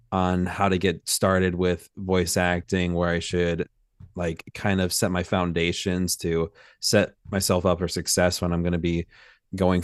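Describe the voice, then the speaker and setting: A man with a deep, smooth voice speaks earnestly and hedges his words. The recording is dry and close, with no room sound. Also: dry recording. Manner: earnest, hedging with fillers. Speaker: new voice actor. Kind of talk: casual stream chat.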